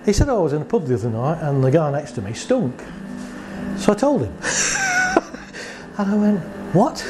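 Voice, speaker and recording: A therapist speaks casually about his work, his voice slightly high, sing-song and brisk, with noise in the background. He tells stories about clients, plays both sides of each exchange, and poses rhetorical questions in a conversational way.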